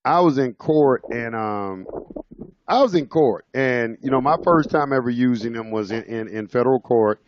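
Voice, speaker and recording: A man's voice: mid-range voice, moderate pace, slight background noise. Rambling man telling a story, dull audio. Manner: rambling, loose and conversational, many fillers and restarts. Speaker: presenter. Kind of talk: casual storytelling.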